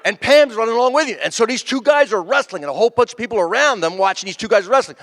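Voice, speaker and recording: A man's voice: high voice, rapid-fire, few pauses. A man in his fifties, a comedian telling rambling stand-up stories at a memorial tribute on a stage, acting out the people in them. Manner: rambling, animated, acts out quoted voices. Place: stage in front of a live audience.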